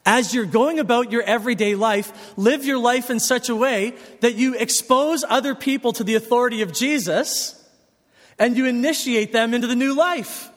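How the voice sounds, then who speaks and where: A man preaching a sermon as a pastor, animated and climbing to emphatic peaks as he explains his point. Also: very high-pitched, normal speed. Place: church sanctuary. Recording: long reverb of a church hall.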